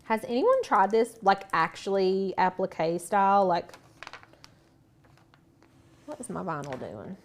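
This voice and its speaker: A woman's voice: mid-range voice, big pitch swings, unhurried, long pauses. A woman co-hosting a crafting livestream, chatting casually and laughing a lot while she works. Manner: giggly, chatty, lots of "like".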